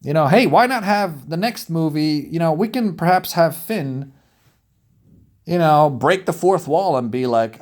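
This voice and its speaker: Brief: male movie reviewer, slightly higher voice, profane exasperated rant. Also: lively intonation, a little slow, darkish tone. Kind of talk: ranting movie review vlog.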